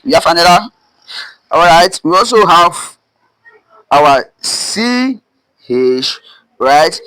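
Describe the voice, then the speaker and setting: A man's voice: fairly high pitch, bright, forceful tone, dry recording, low-quality recording. A male chemistry teacher with a Nigerian accent, lecturing at a board, repeating terms and prompting with "what" and "right?". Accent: Nigerian English. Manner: repetitive, emphatic drilling of terms.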